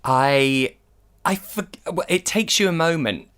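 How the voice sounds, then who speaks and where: Podcast host, chatty, laughs a lot, lots of ums. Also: male voice, on the high side, lively intonation, measured pace, a bit bright, clear, resonant tone. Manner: laughs often, hesitant with fillers. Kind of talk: casual film discussion.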